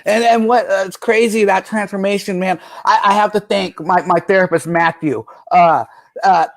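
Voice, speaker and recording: Gravelly high-voiced rambling man. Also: fairly even intonation, moderate pace. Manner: loose, rambling, says "dude" a lot. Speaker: guest, professional skateboarder. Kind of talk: casual interview, recovery story.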